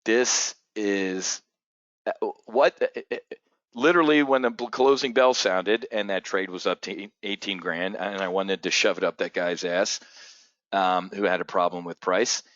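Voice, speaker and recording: A man's voice: low voice, fairly even intonation, unhurried, a bit bright, no room sound, lo-fi sound. A man hosting a trading show, talking in blunt, profane, agitated rants full of restarts. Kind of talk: unscripted market commentary.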